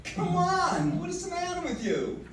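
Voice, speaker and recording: A man's voice: very high voice, wildly swooping pitch, measured pace, fairly bright tone, slight background noise, voice pushed up, full character voice. A man voicing a scornful woman who mocks and coaxes her husband. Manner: mocking, coaxing. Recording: roomy, from far off the mic.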